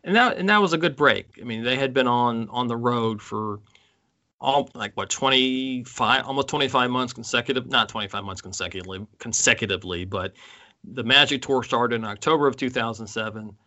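In dull-sounding audio, another male co-host with a mid-range, sharp voice talks excitedly about concert tours. His casual delivery is halting, full of restarts and laughter.

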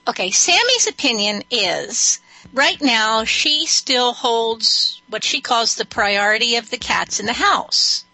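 A woman's voice: on the high side, animated, slow pace, pushed and bright, no echo, poor audio. A woman working as an animal communicator who speaks to a caller on a radio show in a matter-of-fact, assured way. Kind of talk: call-in radio consultation.

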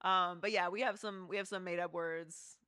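A woman's voice: on the low side, steady tone, a little fast, bright, forceful tone. A woman from Pittsburgh, a sports TV host, talking candidly as an interview guest with casual swearing. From Pittsburgh, USA.

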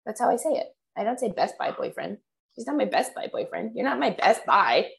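Animated young woman telling stories. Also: on the high side, a little fast, creaky. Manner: animated, swearing, laughing storyteller. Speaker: podcast co-host. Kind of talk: casual chat.

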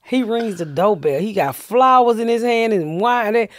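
A woman's voice: a little high, moderate pace, dry recording, clean studio sound. A middle-aged woman with a Southern US accent, a comedian telling stories in casual talk, swearing freely and acting out what people said. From United States. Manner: profane, animated storyteller acting out quotes. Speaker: comedian guest. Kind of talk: casual storytelling.

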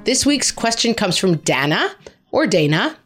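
A woman's voice: medium pitch, sing-song, measured pace, fairly bright tone, soft background music. A woman hosting a parenting podcast, giving frank, chatty advice and poking fun at herself. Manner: frank, chatty, self-mocking. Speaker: podcast host answering parenting questions. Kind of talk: casual advice chat.

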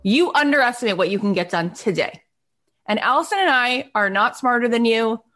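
A woman co-hosting a chat, asking questions in an energetic, motivational way. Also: a little high, brisk. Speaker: podcast co-host. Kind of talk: casual chat.

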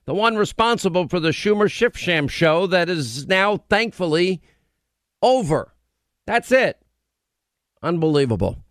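Male radio host, opinionated and combative, slightly raised pitch, dry close sound. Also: lively intonation, a bit bright, no echo. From United States. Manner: combative, rapid run-on delivery. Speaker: radio talk show host. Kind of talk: opinionated political talk radio.

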